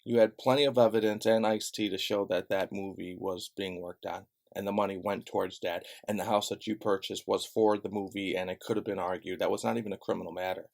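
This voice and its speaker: A man's voice: low-pitched, fairly even intonation, a little fast, vocal fry, hardly any pauses, darkish tone. A man from Chicago delivering a heated, sarcastic, profane rant straight to camera. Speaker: vlogger.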